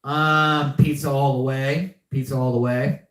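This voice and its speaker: A man's voice: mid-range voice, level tone, measured pace, a bit bright, echoey room. Rambling young man on a live stream. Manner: rambling, repeats himself. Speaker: podcast host. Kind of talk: casual live-stream chat.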